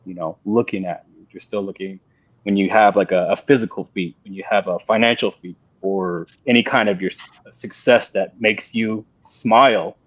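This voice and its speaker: Halting low-voiced man on a panel. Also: steady tone, a bit bright, no echo. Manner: halting, repeats words, many fillers. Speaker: panel guest. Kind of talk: casual panel discussion. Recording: dull dry lo-fi sound.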